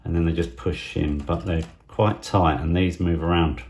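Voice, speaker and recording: A middle-aged man from England giving casual hobby unboxing commentary, thinking aloud in a soft, half-whispered way with plenty of fillers. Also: low voice, steady tone, moderate pace. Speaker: model railway vlogger.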